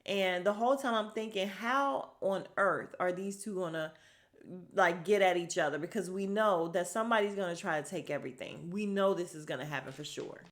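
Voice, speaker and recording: A woman chatting through a TV episode recap for her podcast. She talks in a loose, animated way, laughs often, and jumps into quick impressions of the characters as she goes. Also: fairly low pitch. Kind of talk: casual recap chat.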